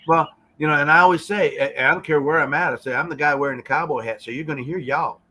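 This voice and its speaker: A man's voice: on the high side, quick pace, sharp tone, a little hiss or hum. A man from Ohio talking easily as a guest on a live show, often repeating himself as he starts. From Gibsonburg, Ohio. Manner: easygoing, repeats words and restarts. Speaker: guest musician. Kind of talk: casual interview chat.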